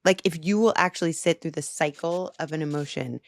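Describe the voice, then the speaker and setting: A woman's voice: low-pitched, a little fast, no echo. Woman co-host: earnest, explanatory, conversational; dry studio sound. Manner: earnest, explanatory, animated about ideas. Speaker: podcast co-host. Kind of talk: candid conversational interview.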